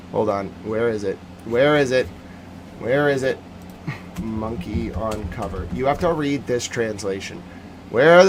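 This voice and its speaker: A man's voice: mid-range voice, a little hiss or hum. A man hosting a live news stream, reading chat and riffing jokingly with mock-serious rants. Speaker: livestream news host answering chat. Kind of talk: casual livestream chat.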